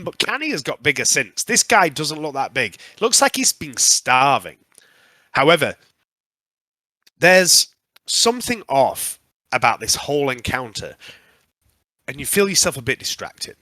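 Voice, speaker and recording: Male game master, bright voice with a lively, swooping delivery, dry close mic. Casts the scene and calls for rolls. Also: fairly high pitch, dry recording. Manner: lively narration with frequent "um" pauses. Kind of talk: narrating a tabletop game.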